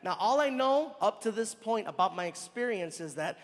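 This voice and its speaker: High-voiced man doing stand-up. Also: moderate pace. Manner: animated, acting out characters, addressing the crowd. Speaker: stand-up comedian. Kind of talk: stand-up comedy storytelling. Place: live comedy venue. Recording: live venue with long reverb, faint ambience.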